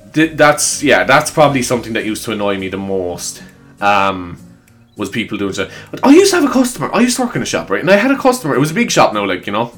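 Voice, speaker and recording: A man's voice: lowish voice, fairly bright tone. A man with an Irish accent talking in a casual, rambling monologue to his viewers, swearing freely and laughing between points. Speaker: vlogger. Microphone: desk microphone. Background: faint upbeat music.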